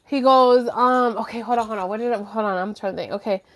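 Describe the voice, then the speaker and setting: A woman hosting a live stream, telling her viewers a story casually, rambling and animated, with lots of "like" and some swearing. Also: a little high, quick pace. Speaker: host of a live chat stream.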